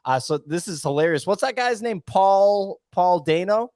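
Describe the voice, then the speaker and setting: Male podcast host, rambling and chatty, slightly high voice, close dry sound. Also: expressive, normal speed, darkish tone, no echo. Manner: chatty, rambling, asks co-hosts questions. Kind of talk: casual chat.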